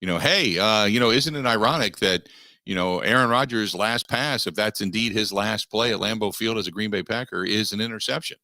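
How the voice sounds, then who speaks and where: A man hosting a sports talk radio show, riffing animatedly and mock-quoting others in quick asides. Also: on the low side, pushed and bright, no room sound, studio quality.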